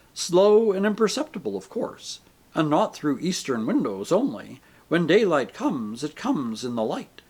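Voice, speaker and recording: Pompous cultured gent, lecturing, lilting pitch, read by a man. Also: husky. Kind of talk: audiobook character reading.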